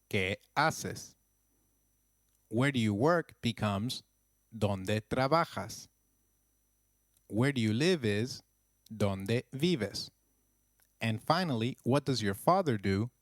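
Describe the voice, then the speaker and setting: A man narrating a scripted language lesson with slow, clear, encouraging drills. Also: fairly low pitch, no room sound, studio quality. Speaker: language teacher.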